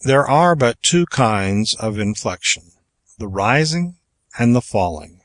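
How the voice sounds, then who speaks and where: A male audiobook narrator reads a public speaking manual in a measured, even, scripted manner. His voice is mid-range, with no echo.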